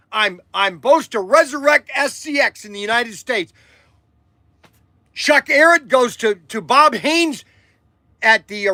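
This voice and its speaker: A man's voice: very high-pitched, sharp tone, no room sound, clean studio sound. An older man hosting a show, telling a long personal story in a rambling, emphatic way that repeats itself, getting emotional at times. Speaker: podcast host. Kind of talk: casual storytelling.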